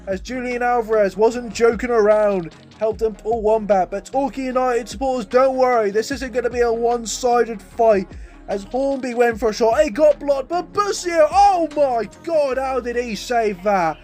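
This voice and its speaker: A young man giving jokey, excitable commentary over a football video game, swearing and exclaiming. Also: very high-pitched, normal speed. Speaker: gaming YouTuber. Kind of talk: energetic match commentary over gameplay. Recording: faint music behind.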